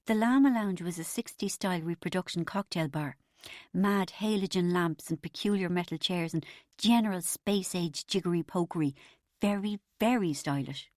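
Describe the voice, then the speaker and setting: A woman narrating a comic novel as an audiobook, telling it in a wry, lively way. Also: lowish voice, moderate pace, dry recording, clean studio sound.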